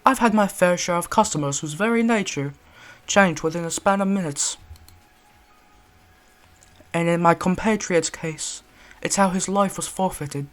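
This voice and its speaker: A man putting on a formal young male barista with a British accent, courteous to a fault and stiffly polite. He speaks each line in a measured, proper way, like a game character read aloud from a visual novel. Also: high voice. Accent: put-on British.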